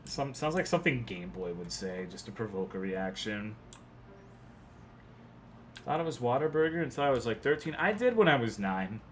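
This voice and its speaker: A man's voice: medium pitch, big pitch swings, normal speed, a little hiss or hum. A young man from Texas giving rambling, profane commentary while livestreaming a video game, reading and answering chat. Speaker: game streamer.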